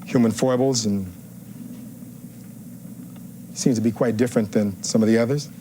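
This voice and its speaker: A man's voice: mid-range voice, steady tone, moderate pace, dark tone, a little hiss or hum. A man giving a courtroom closing argument as defense attorney, reading testimony aloud and firing rhetorical questions at the jury.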